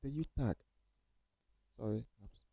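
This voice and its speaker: A man's voice: medium pitch, unhurried, creaky, warm tone, breathy edge, no room sound, low-quality recording. A man teaching coding basics in a casual screen-share tutorial, repeating phrases and reassuring viewers with many okays.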